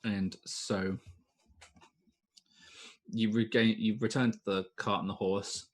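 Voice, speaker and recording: A man's voice: on the low side, little pitch movement, slow pace. A man narrating as game master in a casual, rambling way, often correcting himself.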